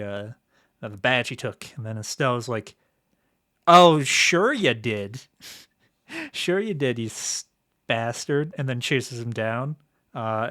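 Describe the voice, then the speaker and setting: A young man co-hosting a casual podcast chat, recapping in a halting way full of fillers. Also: mid-range voice, a bit bright. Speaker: podcast co-host.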